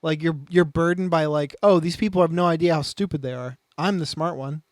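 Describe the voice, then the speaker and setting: A man co-hosting a podcast in casual chat, laughing easily and throwing in quick joking asides. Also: fairly high pitch, steady tone, no room sound, clean studio sound. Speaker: podcast co-host.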